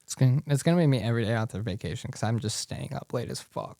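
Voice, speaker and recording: A man's voice: medium pitch, animated, fast talker, creaky, warm tone, dry recording, clean studio sound. A man co-hosting a podcast in casual chat, rambling through a story with lots of swearing and laughter. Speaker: podcast co-host.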